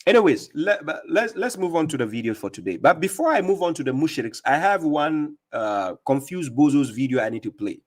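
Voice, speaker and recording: On his live stream, a male host with a non-native English accent reads viewer comments aloud and reacts emphatically, often repeating his words. His fairly high voice is very animated and a little fast, with hardly any pauses.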